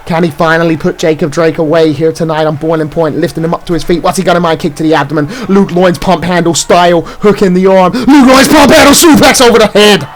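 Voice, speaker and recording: A man calling a wrestling match play by play, shouting out near-falls and big moves. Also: a little high, a little hiss or hum, rough recording. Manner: rapid move-by-move calls, shouting near-falls. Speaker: play-by-play commentator. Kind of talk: excited wrestling commentary.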